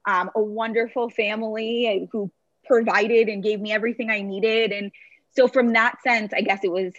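A woman's voice: mid-range voice, fairly even intonation, moderate pace, a bit bright, no room sound, lo-fi sound. A woman in her late twenties from the Boston area, speaking in a neutral voice as an articulate, upbeat podcast guest. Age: late 20s. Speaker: podcast guest, marketing director. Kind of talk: casual interview chat. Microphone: remote call.

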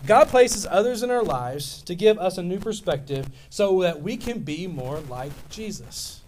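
Animated high-voiced male pastor preaching. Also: a little slow, a little hiss or hum. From Louisiana, US. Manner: animated storytelling, rambling restarts. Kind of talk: sermon.

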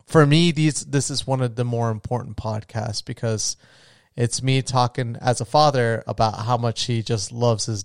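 A man's voice: mid-range voice, clear, resonant tone, dry recording, clean studio sound. A young adult man hosting his own podcast, chatting casually and gushing with loose restarts. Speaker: podcast host. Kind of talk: casual solo podcast talk.

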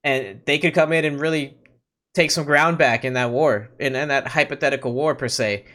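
A man co-hosting a casual wrestling podcast, speaking with hesitant, halting starts. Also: mid-range voice, a bit bright. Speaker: podcast co-host.

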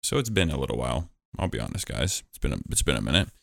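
A man's voice: very deep voice, big pitch swings, rapid-fire, gravelly, a bit bright, no room sound, studio quality. A man hosting a podcast, chatting casually in a rambling, jokey way with lots of fillers. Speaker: podcast host.

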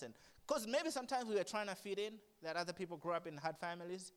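A man preaching a sermon, animated, swinging from hushed asides to loud emphatic bursts. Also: high voice, quick pace, smooth. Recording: long reverb of a large hall.

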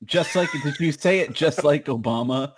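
A man throwing in sarcastic quick quips during casual podcast banter. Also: on the high side, husky, dry recording, studio quality.

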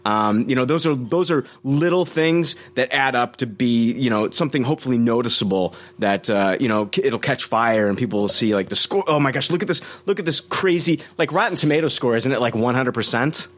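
A man hosting a casual chat, easygoing and halting with fillers. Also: medium pitch, animated.

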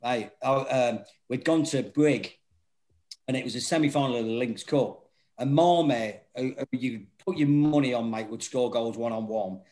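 A man's voice: medium pitch, normal speed. A middle-aged man, telling rowdy anecdotes in casual chat, laughing often and swearing freely. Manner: laughing, swearing, animated storytelling.

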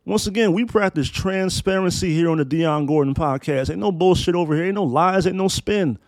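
Man, thirties, podcast host, emphatic, profane, rhythmic lists, slightly high voice, dry close mic. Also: fairly quick, a little mellow, dry recording. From Maryland, US. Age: 30s. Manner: emphatic, profane, preacherly build-ups. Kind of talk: solo podcast monologue.

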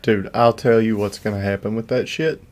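Podcast co-host, Kentucky man, low voice, loose swearing rants. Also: fairly even intonation, normal speed. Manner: ranting, joking, swears freely. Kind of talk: casual podcast banter.

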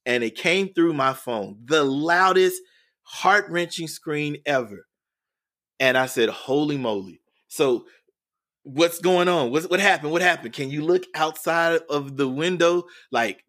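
This man, an educator appearing as a guest on a podcast, has a voice on the high side that sounds pushed and bright. He tells a story earnestly, repeating words as he builds it up.

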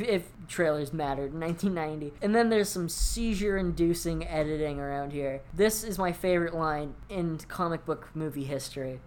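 A woman co-hosting a podcast in casual chat, telling stories excitedly and laughing often. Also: fairly low pitch. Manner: excited, laughing, fast storytelling. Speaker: podcast co-host.

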